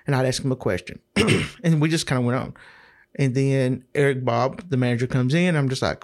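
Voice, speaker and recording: A middle-aged man telling a rambling, casual story, often repeating words and clearing his throat. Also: mid-range voice, fairly even intonation, brisk.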